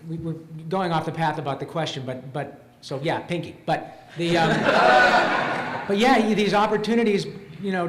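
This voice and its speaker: A man's voice: fairly high pitch, a bit bright. A man on a voice actor panel, chatting casually and rambling with lots of fillers and laughs. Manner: rambling, halting, laughing often. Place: convention panel room. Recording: echoey convention hall with faint noise.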